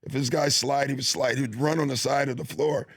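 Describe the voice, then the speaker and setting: A middle-aged man, a basketball coach, being interviewed and telling stories in a relaxed way, with lots of fillers and restarts. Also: mid-range voice, fairly quick, no echo, clean studio sound. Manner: easygoing, with frequent fillers and restarts. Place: studio.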